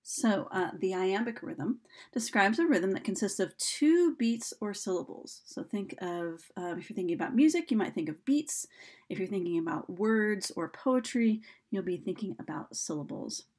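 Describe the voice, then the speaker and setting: A woman's voice: medium pitch, animated, normal speed, a little mellow, husky. A woman teacher giving a recorded slideshow lesson, chatty and full of ums and uhs. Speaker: high school English teacher.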